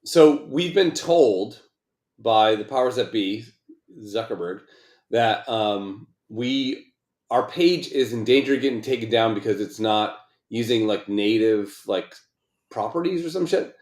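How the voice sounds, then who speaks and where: A man's voice: fairly low pitch, lively intonation, a little slow, a little mellow. Rambling profane man in a roomy space. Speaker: podcast co-host. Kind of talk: casual chat.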